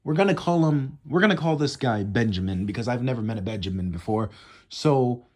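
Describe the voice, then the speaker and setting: A man's voice: mid-range voice, animated, fairly quick. A teenage boy telling a casual storytime monologue, rambling with lots of "you know" and "like" fillers. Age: teens.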